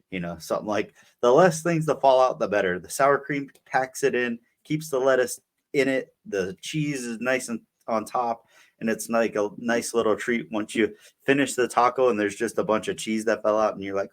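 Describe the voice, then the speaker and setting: A young man with a medium-pitched voice speaks at a moderate pace as a podcast co-host. In casual chat, he tells a long, rambling story loaded with fillers.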